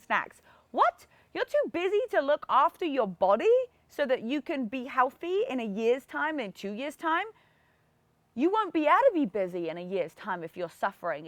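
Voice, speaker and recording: A woman's voice: sits high, no room sound. A woman in her thirties hosting a fitness podcast, giving upbeat, motivational coaching straight to the listener. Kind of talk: motivational solo podcast talk.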